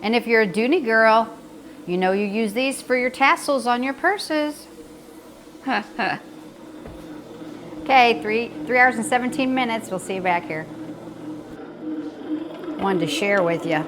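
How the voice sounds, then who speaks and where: Slow-talking woman home baking vlogger. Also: on the high side, background noise. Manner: gushing, exclaims often. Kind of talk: casual kitchen vlog. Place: home kitchen. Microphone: small clip-on microphone.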